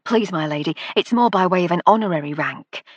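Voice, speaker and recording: A genial, talkative middle-aged man with a Lancashire accent, as a woman narrator puts him on. His voice carries a touch of husky breath and stays friendly and easy. He talks freely and warmly to his hosts. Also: fairly low pitch, a little fast, dry recording, muffled recording. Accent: northern English, Lancashire. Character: affable middle-aged northern male film producer.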